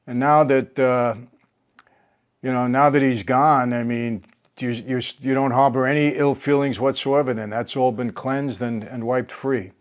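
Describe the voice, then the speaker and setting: An older man hosting a casual interview, talking haltingly with many fillers and restarts. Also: medium pitch, steady tone. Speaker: host.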